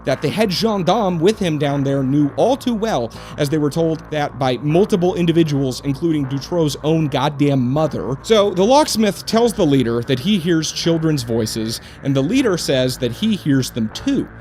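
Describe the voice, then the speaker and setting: A man tells a true crime story in a casual, indignant way, peppering it with swearing and sarcastic asides. His voice sits slightly high and moves expressively up and down. Soft music runs quietly underneath. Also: animated, normal speed, hardly any pauses.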